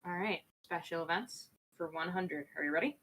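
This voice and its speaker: A woman's voice: fairly low pitch, normal speed, a bit bright. A woman hosting a livestream trivia game, upbeat and a bit scatterbrained. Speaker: game show host.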